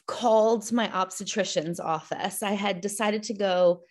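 A woman guest in a podcast interview, animated and full of fillers, acting out the voices of people in her story. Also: mid-range voice, unhurried. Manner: animated, acts out quoted voices; frequent fillers like "like" and "you know".

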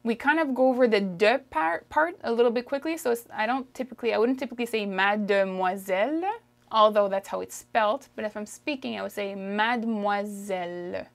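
Slightly high-voiced woman French teacher. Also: vocal fry. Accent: Canadian French. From Canada. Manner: slow, drawn-out pronunciation drills, frequent "okay?" checks. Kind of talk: language lesson, modelling phrases for repetition.

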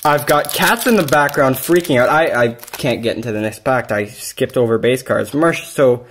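A man narrating a card-opening session at home in a casual, excitable way, bursting into yelling over big pulls. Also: mid-range voice, normal speed, a little hiss or hum. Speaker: card-collecting YouTuber.

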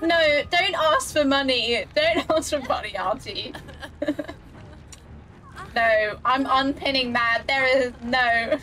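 Sitting high with a sharp tone, a woman speaks slowly while gaming on a live stream. She keeps up casual chatter with her viewers, frequently giggling and growing flustered as she responds to chat.

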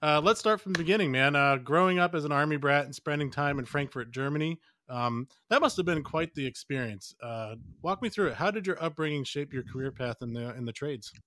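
A man co-hosting a podcast, asking questions in a laid-back, casual way. His voice is bright and forward, recorded dry and close. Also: a little high, fairly quick, few pauses, no room sound. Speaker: podcast co-host. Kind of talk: casual interview chat.

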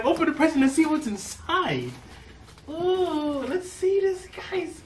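A man's voice: very high-pitched, sing-song, unhurried, a little hiss or hum. A young man from Canada talking casually and playfully to his viewers, often sing-song and laughing. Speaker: vlogger. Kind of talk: casual vlog. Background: background music.

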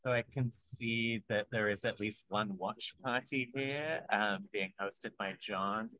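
Bright, polite low-voiced moderator. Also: male voice, takes it slowly, rough recording. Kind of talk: moderating a discussion on a video call.

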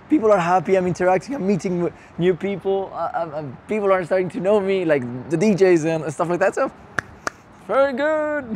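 A fairly high-pitched young man talks excitedly into his camera at an outdoor festival, rambling through fillers and restarts. His voice is cracking and half gone from a long night, with faint noise behind him. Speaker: vlogger. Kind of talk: casual vlog to camera.

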